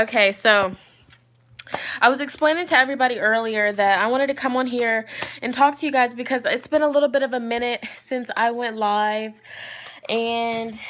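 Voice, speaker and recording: A woman's voice: on the high side, a bit bright, slight background noise. A young woman hosting a casual live stream from her phone as a tarot reader, talking in a loose, slangy way and reading viewer comments aloud. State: a little out of breath. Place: outdoors with spotty wifi.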